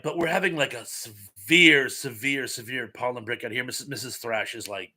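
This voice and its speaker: A man's voice: medium pitch, normal speed, pushed and bright. A man hosting a casual live stream chat, reading viewer comments aloud with plenty of ums, his voice a little scratchy from pollen. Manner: chatty, reads chat messages aloud, frequent ums.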